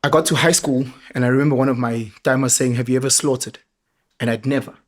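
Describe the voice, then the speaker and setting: Animated South African storyteller man. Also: mid-range voice, fast talker. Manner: animated storyteller, mixes local words into his talk. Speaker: father sharing parenting stories. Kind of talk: casual podcast conversation.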